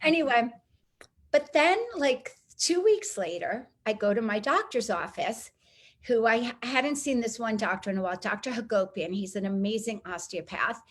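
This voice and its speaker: A middle-aged woman telling a personal story as an interview guest, lively and acting out the people she quotes. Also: fairly high pitch, normal speed. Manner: animated, acts out quoted voices.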